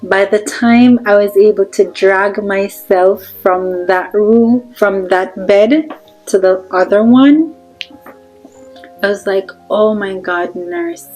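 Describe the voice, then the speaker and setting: A young woman with a Jamaican accent tells a personal story in a chatty vlog. She talks straight to her viewers at a mid-range pitch, with soft music faintly underneath. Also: slow, rough recording. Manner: chatty, addresses viewers directly. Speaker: vlogger.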